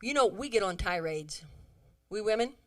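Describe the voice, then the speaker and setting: A middle-aged woman giving a humorous talk to a church audience, animated and chatty, acting out bits of dialogue. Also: medium pitch, normal speed. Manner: animated, acts out quoted dialogue, chatty asides. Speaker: women's conference speaker.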